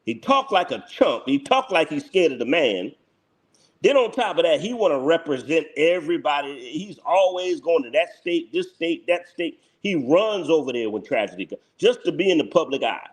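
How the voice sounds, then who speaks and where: A man's voice: on the high side, big pitch swings, normal speed. A man hosting his own channel, giving blunt, heated live reaction commentary that repeats its points and breaks into laughter. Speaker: channel host.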